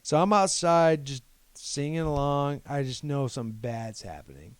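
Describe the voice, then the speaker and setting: Animated and medium in pitch, a young male podcast co-host from Ohio talks at a moderate pace with a clean tone and no room sound. Chatting casually, he spins a long, meandering personal tale, recounting events by quoting what others said.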